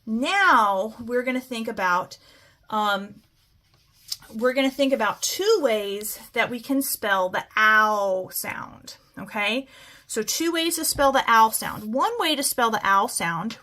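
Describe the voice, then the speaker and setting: A woman's voice: fairly high pitch, animated, a little slow, sharp tone. A woman teaching a phonics lesson, stretching out words sound by sound and often checking in with "okay?". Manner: patient, keeps asking "okay?".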